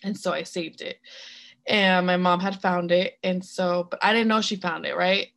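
A woman's voice: lowish voice, fairly even intonation, normal speed, vocal fry, fairly bright tone. A woman telling a personal story on a podcast, frank and blunt, swearing freely and full of fillers. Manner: mixes in other-language phrases mid-sentence. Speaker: podcast co-host.

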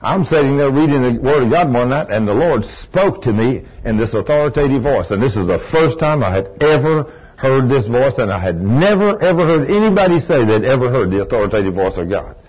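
Husky preacher with a lively voice. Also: male voice, medium pitch, fairly quick, few pauses, dull audio. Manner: emphatic, storytelling preacher with sudden exclaims. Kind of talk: sermon with personal story. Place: church room with congregation.

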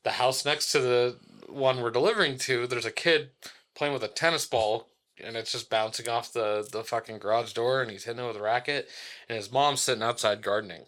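Bright-voiced young man telling stories. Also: mid-range voice, a little fast. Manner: animated, swears freely, laughs often. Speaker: podcast co-host. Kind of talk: casual storytelling chat.

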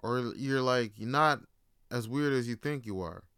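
Man, podcast host, rambling, profane, smooth clear voice, dry close sound. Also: medium pitch, a little slow, a bit bright, no room sound. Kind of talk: casual rambling monologue.

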